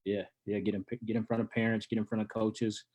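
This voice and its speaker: Low-voiced laid-back wrestling coach. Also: male voice, little pitch movement, fast talker, darkish tone. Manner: laid-back, many ums and repeated starts. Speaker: college wrestling coach and recruiter. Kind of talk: casual interview answers.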